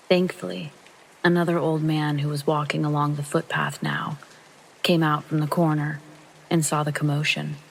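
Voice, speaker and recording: A narrator reading a true scary story aloud in calm, steady first person, meant for sleep listening. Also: medium pitch, vocal fry, slight background noise, poor audio. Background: rain sounds.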